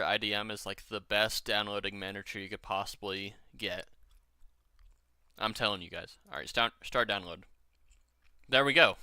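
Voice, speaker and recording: A man's voice: lowish voice, sharp tone, clean tone, no echo. A man from Washington state chatting casually on his gaming stream, rambling and swearing, a little drunk. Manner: rambling, profane, chatty with viewers.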